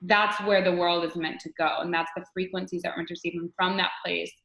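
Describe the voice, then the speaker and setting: A woman coach giving animated, spiritual interview answers, often restarting her sentences. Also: lowish voice, fast, vocal fry, echoey room, low-quality recording. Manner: animated, spiritual, repeats herself. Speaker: guest coach.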